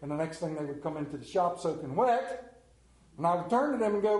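A middle-aged male pastor preaching a sermon, telling the story with lively acted-out scenes and sudden drops to a hush. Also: brisk. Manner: animated storytelling, acts out scenes with big pitch swings. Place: room with a congregation. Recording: echoey room.

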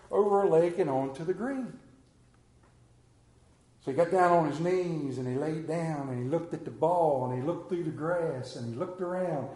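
A man preaching a sermon, telling folksy stories and swinging between loud emphasis and quiet asides. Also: fairly high pitch, echoey room. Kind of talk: sermon with anecdotes.

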